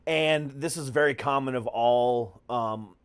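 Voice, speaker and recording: Male podcast host, mid-pitched voice, candid and crude, laughs things off. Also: unhurried, clean tone. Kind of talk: casual podcast chat.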